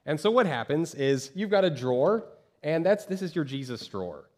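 A man preaching a sermon as pastor from a church stage, lively, acting out the voices of the people he describes. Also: on the high side, normal speed. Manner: animated, acts out quoted voices of churchgoers.

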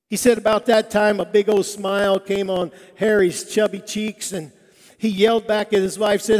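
A man's voice: sits high, moderate pace. A male preacher telling a story in a sermon, acting out each character's lines in a church sanctuary. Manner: animated storyteller quoting characters. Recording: long reverb of a large hall.

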